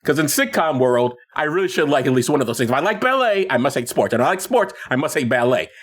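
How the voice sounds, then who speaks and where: A man co-hosting a podcast, retelling a film in casual chat with lots of restarts and laughs. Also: mid-range voice. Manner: animated, halting retelling with many restarts and laughs. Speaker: podcast co-host.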